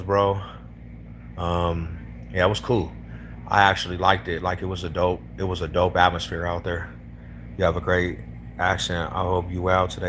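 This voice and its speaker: Deep-voiced yet fairly bright in tone, this East Denver man talks with strangers on his live stream over a faint hiss or hum. His Denver accent and relaxed slang come through as he calls folks homie, bro and fool.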